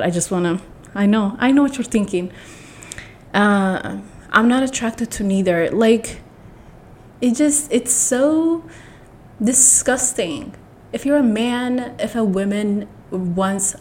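A young woman with a mixed, blended accent rambles through a storytime vlog, blunt and animated. She restarts her sentences often and talks straight to her viewers in a voice of middling pitch. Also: a little hiss or hum. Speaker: vlogger. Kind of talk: casual storytime to camera.

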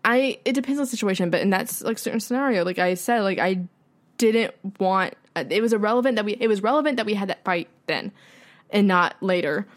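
A woman's voice: medium pitch, fast talker. A woman co-hosting a podcast in casual chat, talking candidly and with feeling, swearing freely. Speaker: podcast co-host.

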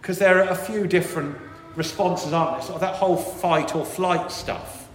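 This priest has a high voice and talks at normal speed as he gives a sermon. Animated, he speaks out worried inner thoughts, and the long reverb of an echoey church fills the recording, along with a little hiss or hum.

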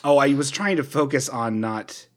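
A man's voice: medium pitch, animated, moderate pace. A man co-hosting a comedy podcast, bantering in a playful, jokey way. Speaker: podcast co-host. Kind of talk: comedic casual chat.

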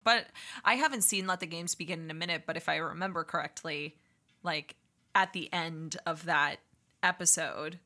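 A woman co-hosting a podcast in casual chat, agreeable and quick to laugh. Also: fairly low pitch, pushed and bright. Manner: agreeable, quick to laugh, does playful quoted voices. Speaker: podcast co-host.

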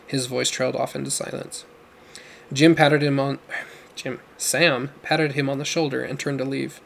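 A man narrating a story audiobook in a measured, even way. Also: medium pitch, vocal fry, a little hiss or hum.

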